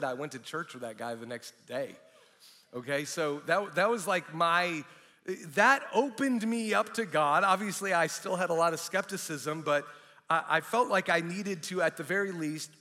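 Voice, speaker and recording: A middle-aged male pastor gives a sermon, telling his story in a candid, animated way and often restarting his sentences. His voice sits a bit high and sounds bright and forceful. The sound carries a long reverb from a large hall. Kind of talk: sermon with personal testimony.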